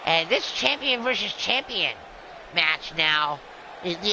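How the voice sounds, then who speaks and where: A man's voice: high voice, sing-song, moderate pace, noisy background. A man calling a wrestling game as a rambling, jokey streamer who plays a drunken clown persona. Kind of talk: excitable play-by-play game commentary.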